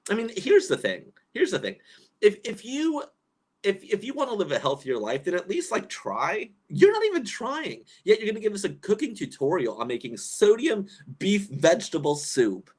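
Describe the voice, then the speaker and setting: A man's voice: sits high, sing-song, normal speed, a little mellow, slightly rough. A man hosting a casual livestream, reading chat comments aloud and reacting with incredulous, exasperated laughter, rambling with lots of fillers and restarts.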